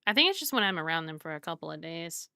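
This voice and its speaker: A woman's voice: low voice, big pitch swings, quick pace, gravelly, pushed and bright, no room sound, clean studio sound. A woman from the Southern United States, chatting casually while she draws on a live stream. She rambles and often laughs. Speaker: art streamer.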